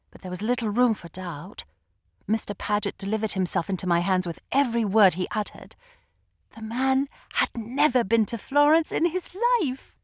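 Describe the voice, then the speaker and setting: A woman narrating an audiobook in the first person, with an expressive, lively delivery. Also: a little high, breathy edge, no room sound, clean studio sound. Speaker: audiobook reader. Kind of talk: scripted narration.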